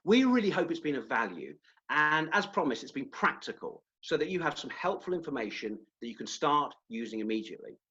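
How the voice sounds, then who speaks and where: A man leading a webinar as a presentation skills trainer, animated and demonstrative, sometimes correcting himself mid-phrase. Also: a little high, fairly quick, dull audio.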